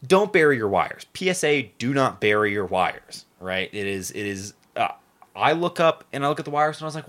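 A man's voice: mid-range voice, very animated, normal speed, a bit bright. A man hosting a podcast, rambling sarcastically and swearing a lot as he chats about local news. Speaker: podcast host. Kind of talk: casual profane local-news chat.

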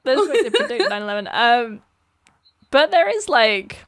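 Lively, laughing woman chatting about books. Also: fairly high pitch, moderate pace, no room sound. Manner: enthusiastic, swears casually, laughs often. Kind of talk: casual book discussion chat.

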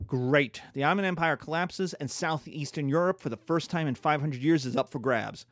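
A man's voice: on the high side, a little fast, slight background noise. A man giving a playful history lecture, acting out countries in silly voices.

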